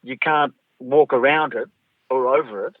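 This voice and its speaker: A man's voice: medium pitch, normal speed, no echo. An Australian man, a guest author and storyteller, talking animatedly in an interview and repeating words as he builds a thought. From North Queensland, Australia. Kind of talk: conversational interview. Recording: tinny phone-like line, dry.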